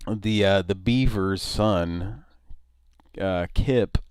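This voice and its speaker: A man hosting a casual chat show, rambling and halting with frequent laughs, his voice a little nasal. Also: sits low, darkish tone, clean tone, no room sound, studio quality. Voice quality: nasal tonight. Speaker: show host. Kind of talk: casual radio-style chat.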